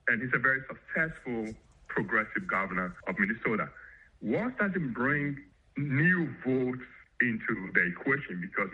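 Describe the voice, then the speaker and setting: A man who is a professor, giving measured political analysis in an interview. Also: lowish voice, husky. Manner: measured, explanatory. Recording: dull lo-fi remote line.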